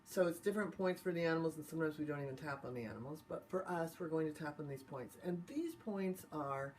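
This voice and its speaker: Woman calmly guiding a tapping exercise. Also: sits low, fast, a little hiss or hum. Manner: calm step-by-step guidance. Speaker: tapping instructor.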